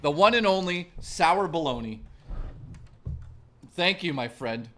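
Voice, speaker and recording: Guy streaming, kinda high voice, super animated, swears a lot, laughs easy, light typing in back. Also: slight background noise. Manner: joking, swears freely, quick to laugh. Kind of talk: casual live-stream chat.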